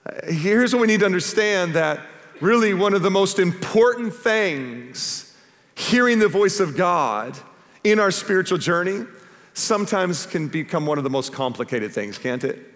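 A man preaching a sermon as pastor, animated and humorous, asking the congregation questions. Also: high voice, a little fast, long reverb tail. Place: church stage before a live congregation.

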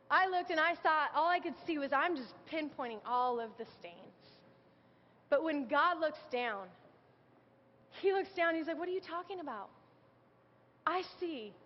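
A woman in her thirties preaches with an earnest, conversational warmth, weaving scripture into her own story. Her voice sits high, and it carries through a large church hall with long reverb on a slightly dull recording. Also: slight background noise. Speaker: speaker sharing testimony. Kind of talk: sermon.

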